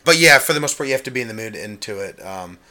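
A man's voice: mid-range voice, lively intonation, quick pace, bright, forceful tone. A man co-hosting a music review podcast, chatting casually with fillers and asides. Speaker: podcast co-host.

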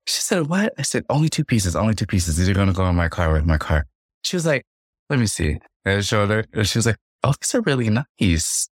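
A young man with a very low voice carries this casual podcast chat, retelling stories with lively energy and jumping into high-pitched imitations for other people's lines. The sound is close and dry. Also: no room sound. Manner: animated storyteller, mimics others in a high voice. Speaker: podcast co-host. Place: a room at home.

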